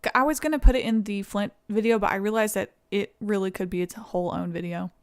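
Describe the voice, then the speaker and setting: Speaking fast in a medium-pitched voice, this young woman from East Tennessee, USA, has a Southern accent. She's on a live stream, chatting informally with viewers and thanking them.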